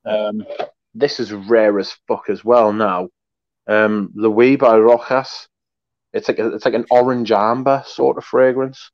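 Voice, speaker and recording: A man chatting casually about his collection over a video call, rambling with many pauses, restarts and swear words. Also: fairly low pitch, little pitch movement, no room sound, lo-fi sound. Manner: laid-back, rambling, many ums and restarts. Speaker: perfume collector guest showing his collection. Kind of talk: casual chat, swearing freely.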